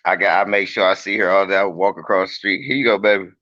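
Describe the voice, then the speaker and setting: A man's voice: low-pitched, flat delivery, normal speed, pushed and bright, muffled recording. A man chatting on a livestream in a brash, profane, joking way and teasing his viewers. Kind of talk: casual livestream chat.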